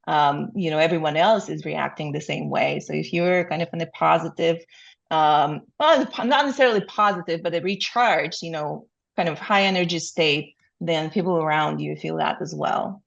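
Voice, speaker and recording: Woman coach on a podcast, lowish voice, lots of ums and you knows, muffled sound. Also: normal speed, creaky. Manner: many fillers, rhetorical questions, animated. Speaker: burnout coach, guest. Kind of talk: interview answers.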